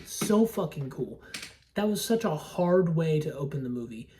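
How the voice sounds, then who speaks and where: A young woman rambles on about movies from home, swearing and breaking off into side thoughts. Her voice sits a little low for a woman. She is set slightly back from the microphone. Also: expressive, normal speed, dark tone, distant mic, a little hiss or hum. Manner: rambling, profane, self-interrupting. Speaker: podcast host reviewing movies. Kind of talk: casual solo movie talk.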